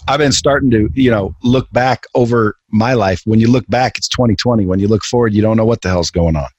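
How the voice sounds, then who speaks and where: A man hosting a podcast, talking in a relaxed, reflective way with fillers. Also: on the low side, brisk, husky, dry recording, dull audio. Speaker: podcast host. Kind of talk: casual chat.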